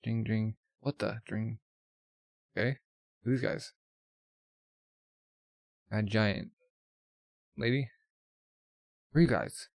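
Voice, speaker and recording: A man's voice: lowish voice, steady tone, slow, gravelly, long pauses, a little mellow, no room sound. Casual guy reading a manga aloud. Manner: casual, adds jokey asides and sound effects. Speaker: manga reader.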